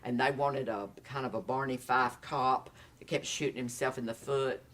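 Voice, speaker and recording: An older man with a Southern drawl spins showbiz stories, bouncing into his quotes with lively, laughing energy. He sits a little back from the mic, so the voice carries a touch of distance. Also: mid-range voice, normal speed. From Tennessee. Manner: animated storyteller, acts out quotes, laughs often. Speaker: actor guest. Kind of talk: casual storytelling interview.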